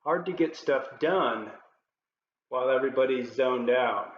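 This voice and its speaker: A man presenting as a leadership coach, giving scripted tips to camera in a clear, upbeat presenter manner. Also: mid-range voice, unhurried. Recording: roomy, slightly dull with faint noise.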